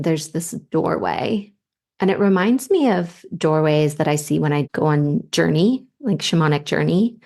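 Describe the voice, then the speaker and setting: A woman hosting a podcast, giving a gentle, unhurried spiritual reading with soft laughs. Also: sits low, creaky. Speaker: podcast host and intuitive reader. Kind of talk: slow, spiritual guidance reading.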